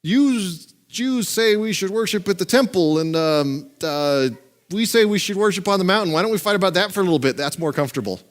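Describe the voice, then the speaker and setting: A man voicing a wary Samaritan woman at a well, talking quickly and a little flustered. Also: sits high, animated. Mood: nervous.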